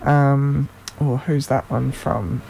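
A man hosting a community radio show, casually reading listener shout-outs aloud and stumbling over names now and then. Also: medium pitch, fairly even intonation, takes it slowly, creaky, slight background noise.

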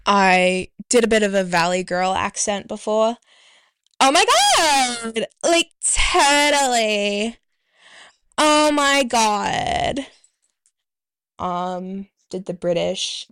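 A woman's voice: mid-range voice, a bit bright, clear, resonant tone, dry recording, clean studio sound. A young Australian woman hosting a radio show, talking casually in a rambling, self-deprecating way. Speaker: community radio host.

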